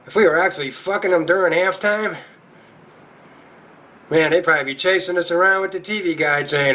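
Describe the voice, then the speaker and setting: A man doing a stand-up comedy routine, crude and profane, with a rowdy storytelling delivery. His voice sits high and comes across bright and sharp. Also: brisk, long pauses.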